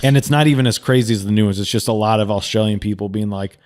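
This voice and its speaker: A man's voice: fairly low pitch, fast talker, darkish tone. A man co-hosting a podcast in casual chat, jokey and rambling, laughing often. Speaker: podcast co-host.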